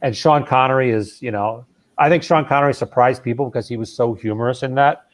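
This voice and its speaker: A man's voice: medium pitch, a little fast. A man who is a guest on a casual chat, talkative and hesitant, full of you-knows. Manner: talkative, hesitant with fillers, slips into mock voices.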